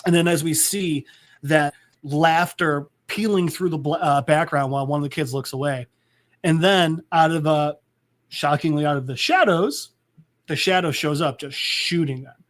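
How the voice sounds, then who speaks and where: A man's voice: a little high, normal speed, fairly bright tone. A man hosting a podcast, casually retelling a comic book scene with many restarts and "like"s. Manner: rambling, full of "like" and restarts. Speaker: podcast host.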